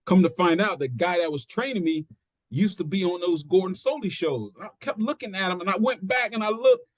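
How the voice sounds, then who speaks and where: A middle-aged man spins a story in a casual interview, slipping into the voices of the people he quotes. His voice sits fairly high for a man. The sound is dry and close, with no room around it. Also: fairly quick, no echo. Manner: animated storyteller acting out quotes. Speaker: interview guest, pro wrestler. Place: studio.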